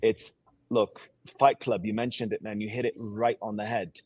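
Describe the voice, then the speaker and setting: Husky man with a put-on English accent. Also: fairly low pitch, no echo. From Sierra Leone. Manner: energetic, boastful, quick-talking. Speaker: actor, guest co-host. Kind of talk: casual interview chat.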